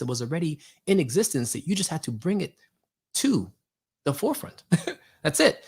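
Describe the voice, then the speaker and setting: Man giving an animated motivational talk. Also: on the high side, slightly rough. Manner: animated, preachy, with laughs and rhetorical questions. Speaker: host.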